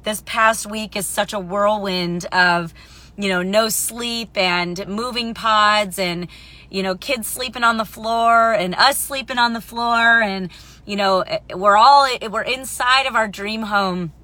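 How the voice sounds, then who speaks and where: A woman in her thirties hosts a live stream, talking slowly in a steady, mid-range voice with a sharp tone. She's chatty and upbeat, greeting viewers by name, and her casual talk rambles with many fillers and restarts.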